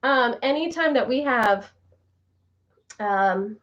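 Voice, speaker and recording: A woman's voice: fairly high pitch, lively intonation, slow pace, a bit bright, highs cut off. A woman in her thirties hosting a casual live chat with her viewers, bubbly and giggly as she answers their comments. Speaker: vlogger host.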